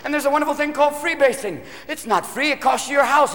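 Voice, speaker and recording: Brash high-voiced man doing stand-up. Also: quick pace. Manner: brash, profane, animated, jumps into shouted character voices. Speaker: stand-up comedian. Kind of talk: stand-up comedy set. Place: large comedy venue with live audience. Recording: live venue recording with long reverb and crowd noise. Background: audience laughter and crowd ambience.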